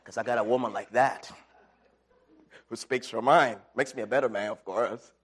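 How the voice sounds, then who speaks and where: A middle-aged man giving an inspirational talk, telling a personal story with dramatic swings from loud to quiet. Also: mid-range voice, steady tone, normal speed. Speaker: speaker.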